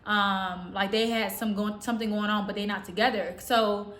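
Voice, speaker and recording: A woman from the Southern US telling a story casually in a slangy, rambling way with animated quotes. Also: medium pitch, normal speed. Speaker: storytime vlogger. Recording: roomy echo.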